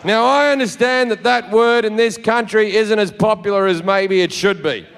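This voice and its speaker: A brash, profane Australian man tells a stand-up story. His voice is high with a gravelly edge, and he builds up to shouts. The sound rings through a long-reverb hall, with a faint audience and some background noise. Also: moderate pace. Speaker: stand-up comedian. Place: comedy stage before a live audience.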